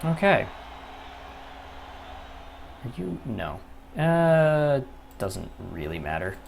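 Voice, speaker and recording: A man's voice: medium pitch, very animated, extremely slow, vocal fry, slight background noise. A young man commentating his own gameplay, often frustrated, swearing and muttering to himself. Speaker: gaming YouTuber.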